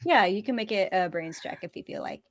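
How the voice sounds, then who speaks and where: A woman's voice: medium pitch, expressive, a little fast, noisy background. A woman running a tabletop game on a stream in a playful way, laughing often. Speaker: game master.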